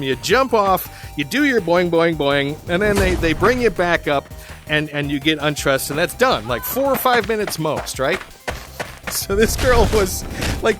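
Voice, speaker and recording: Chatty man telling a story, laughing. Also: fairly high pitch. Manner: chatty, laughs often, acts out voices. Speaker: gaming channel host. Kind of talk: casual storytelling over gameplay.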